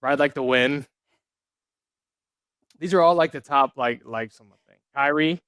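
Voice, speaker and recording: A man's voice: mid-range voice, moderate pace, a bit bright, clean tone, no room sound, studio quality. An American man in his thirties, co-hosting a casual sports chat in a loose, rambling way with lots of fillers. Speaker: co-host, former player.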